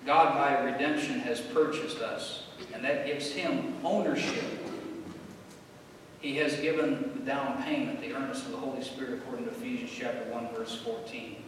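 A pastor preaching a sermon, speaking with bursts of forceful, emphatic repetition. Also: male voice, normal speed. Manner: preaching with swelling emphatic outbursts. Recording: echoey hall, distant mic, faint rumble.

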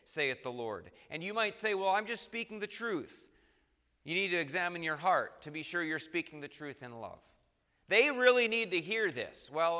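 A man delivers an earnest sermon, pressing his points with emphasis. His voice is bright and sits a little high. The sound carries the long reverb of a large hall. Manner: earnest, emphatic preaching with scripture reading. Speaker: preacher.

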